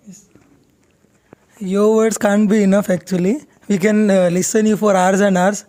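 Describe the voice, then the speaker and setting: A man's voice: high-pitched, little pitch movement, moderate pace, mellow. A man interviewing a guest in a polite, deferential manner with frequent hesitant fillers.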